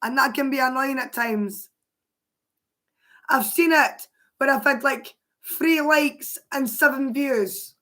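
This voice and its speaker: A Scottish woman with a hoarse, worn voice, chatting casually on a livestream and answering her viewers' comments aloud. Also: high-pitched, takes it slowly, fairly bright tone. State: hoarse, voice mostly gone.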